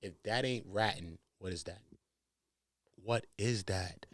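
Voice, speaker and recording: A man hosting a commentary show, talking in heavy slang, emphatic, jumping from loud outbursts to low mutters. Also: slow, dry recording. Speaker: commentary host. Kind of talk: animated commentary.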